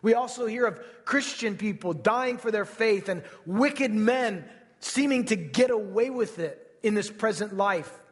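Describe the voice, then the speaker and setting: A man's voice: sits high, unhurried, in a large hall. A man preaching a sermon, earnest and emphatic, piling up repeated phrases to drive his points home. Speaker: pastor.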